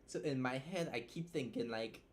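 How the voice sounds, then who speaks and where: A man's voice: mid-range voice, slight background noise. A young man with a Trinidadian accent hosting a casual livestream, talking bluntly with jokes and swearing as he reacts to a story. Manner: blunt, joking, swears freely, fast asides. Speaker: livestream host and writer.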